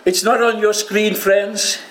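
Male preacher, high voice, unhurried delivery, bursts of loud emotion, echoey church hall. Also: a little hiss or hum. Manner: animated, cries out quoted prayers loudly; jokes with the congregation and home viewers. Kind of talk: sermon. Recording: roomy hall with faint ambience.

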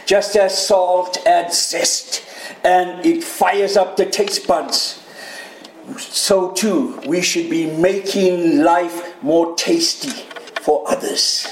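A man preaching a sermon as pastor, lively and playful, sometimes mimicking a shouting voice. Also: high-pitched, drawn-out words, a little hiss or hum. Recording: echoey room.

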